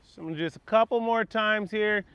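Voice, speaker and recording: A horse trainer talking calmly as he works a horse through a gate outdoors, praising it often and explaining each step. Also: high-pitched, fairly quick. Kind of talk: hands-on training demonstration. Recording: dull lo-fi audio with faint outdoor noise.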